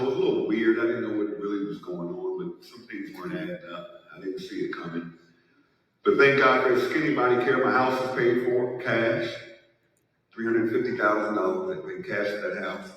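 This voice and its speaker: A man's voice: medium pitch, fairly bright tone, distant mic, lo-fi sound. Man telling his story in an echoey hall. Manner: emphatic storytelling with rising emotion. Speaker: network marketing speaker. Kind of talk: testimonial speech to an audience.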